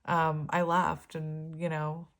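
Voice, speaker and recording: A young woman giving a casual, rambling tarot reading with big, expressive reactions. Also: low voice, takes it slowly. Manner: chatty, rambling, expressive, laughs often. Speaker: tarot reader.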